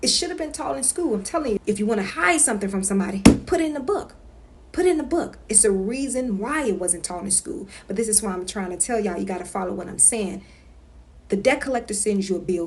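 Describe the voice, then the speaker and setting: A woman talking straight to her viewers in a casual home vlog. She is emphatic and repeats herself, and she keeps checking in with "okay?". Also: mid-range voice. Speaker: consumer-rights vlogger. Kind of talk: casual instructional monologue.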